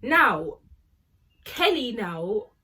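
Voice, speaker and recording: Husky young woman telling a story. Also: on the high side, extremely slow. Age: young adult. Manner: animated, acts out quoted people. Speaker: storytime vlogger. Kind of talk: casual storytime.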